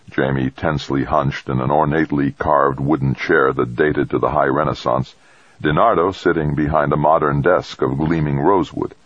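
Deep husky male audiobook narrator. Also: dry recording, dull audio. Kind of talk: scripted narration.

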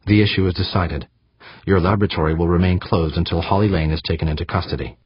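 A man voicing an unflustered woman official who speaks smoothly and patiently, with condescension. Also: low-pitched, fairly even intonation, quick pace, no room sound, highs cut off. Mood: patronizing.

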